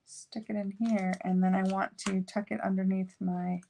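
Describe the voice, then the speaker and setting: A woman's voice: mid-range voice, level tone, moderate pace, creaky, mellow, slight background noise. A woman hosting a card-making video, chatting casually and thinking aloud as she works. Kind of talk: casual crafting tutorial chat.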